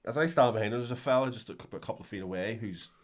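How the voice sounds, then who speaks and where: A quick-talking man with a Belfast accent and a fairly low voice, spinning a story in relaxed podcast banter. He swears freely and puts on the voices of the people he meets as he goes. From Northern Ireland. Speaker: podcast co-host. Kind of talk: casual storytelling chat.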